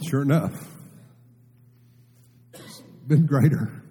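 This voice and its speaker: A middle-aged man preaching a sermon with great emotion, tearful, swinging from hushed, slow phrases to soaring, impassioned lines. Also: mid-range voice, husky. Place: church sanctuary. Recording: long reverb of a large hall.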